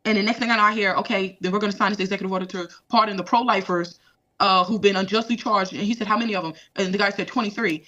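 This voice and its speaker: A woman recovering from a cold, telling her story in an interview with lively animation. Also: mid-range voice, very fast. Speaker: interviewee recounting her release. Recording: dull, lo-fi clip.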